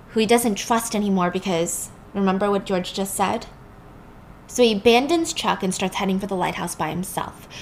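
A woman's voice: medium pitch, a little hiss or hum. A young woman casually retelling a movie plot in a chatty, slangy, emphatic way. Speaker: storyteller.

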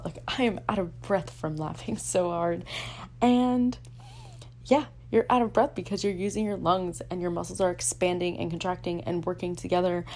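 A woman's voice: fairly low pitch, fairly even intonation, normal speed, a little mellow, slight background noise. A young woman hosting her own podcast, talking casually and chattily, with lots of fillers and self-deprecating asides. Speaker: podcast host. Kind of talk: casual solo podcast talk.

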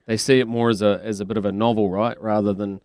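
Teasing New radio host, deep. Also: male voice, level tone, fast talker, a little mellow, dry recording. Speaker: radio sports show host. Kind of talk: casual radio chat.

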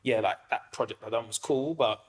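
A man's voice: medium pitch, a little fast. Slangy, rambling man. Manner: slangy, rambling, many fillers and "do you know what I mean". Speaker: comedian guest. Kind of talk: casual podcast chat.

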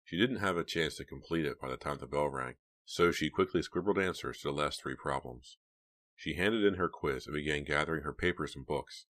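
Extremely deep-voiced male audiobook narrator. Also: fairly quick, fairly bright tone.

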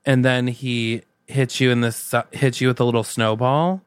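A man's voice: medium pitch, flat delivery, moderate pace, clear, resonant tone, no room sound. A man co-hosting a podcast, improvising a comedic movie scene and acting out bits of dialogue. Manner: narrates a made-up movie scene, acting out lines. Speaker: podcast co-host.

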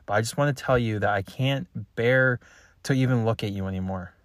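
A man delivering a frustrated, halting, blunt confessional message as a spiritual content creator. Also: mid-range voice, no echo, studio quality.

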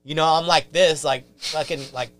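Young male storyteller, bright, forceful delivery, lots of swearing, dry close mic. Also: on the high side, moderate pace, no echo, faint music behind. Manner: profane, animated storytelling with acted quotes. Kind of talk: casual chat.

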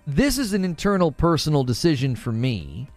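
A man's voice: on the high side, big pitch swings, normal speed, no room sound, faint music behind. A young adult man hosting a gaming news show, talking casually and animatedly on a livestream and answering chat.

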